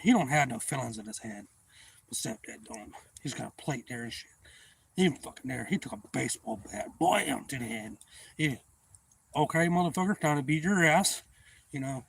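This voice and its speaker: A man's voice: mid-range voice, normal speed, vocal fry, slight background noise. A man, telling a profane fishing story on his livestream. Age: 40s. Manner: profane, animated yarn-spinning. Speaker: livestream host.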